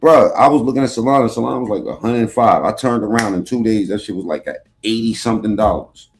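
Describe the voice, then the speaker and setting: A man's voice: on the low side, fast, a little hiss or hum. A man hosting a casual podcast, reacting to a clip in loose, slangy, profane talk.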